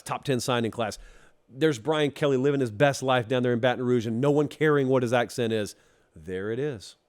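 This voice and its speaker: A man from Georgia hosting a college football show, talking straight to the fans in a teasing, animated monologue. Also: mid-range voice. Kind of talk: casual opinion monologue.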